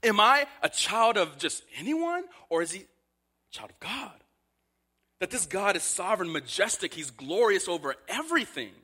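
Man preaching, higher voice, animated rise and fall, punchy rhetorical questions. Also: moderate pace, husky. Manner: emphatic rhetorical questions, voices grumbling Israelites. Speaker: pastor. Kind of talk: sermon.

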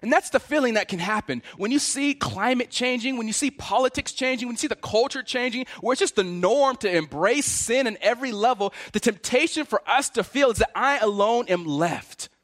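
A man's voice: very high voice, fairly quick, few pauses, no echo. Guy preaching, voice jumps all over, acts out the bible lines, dead dry sound. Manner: animated preaching, voices Elijah's and God's words with feeling. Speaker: pastor. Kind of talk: sermon.

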